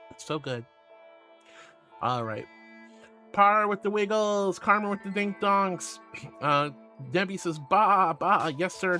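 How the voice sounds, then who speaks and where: A man's voice: high voice, sharp tone. A man streaming casually, playfully and affectionately reading chat aloud.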